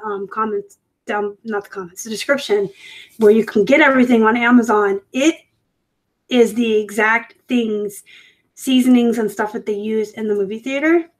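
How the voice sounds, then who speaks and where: A woman's voice: on the high side, low-quality recording. A woman hosting a casual live stream from a room at home, chatty and rambling, with frequent fillers and self-corrections. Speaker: host of a live reselling show. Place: home room set up for work.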